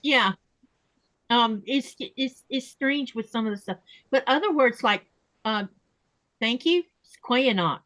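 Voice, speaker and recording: A woman hosting a casual podcast chat, talking easily and slowing down to spell out how words are said. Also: a little high, expressive, a bit bright, no room sound. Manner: chatty, explains pronunciation slowly and repeats words. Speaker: podcast host.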